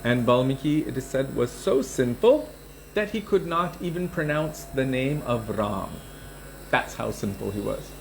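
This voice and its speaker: Guy teaching a scripture class, calm explaining, mid voice, faint hiss. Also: medium pitch, creaky, low-quality recording. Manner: explanatory, storytelling, unhurried.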